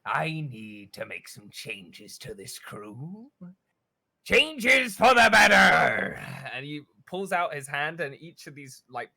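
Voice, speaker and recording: A man's voice: mid-range voice, pushed and bright. A man narrating a tabletop game as game master, describing the scenes vividly with frequent "uh" fillers.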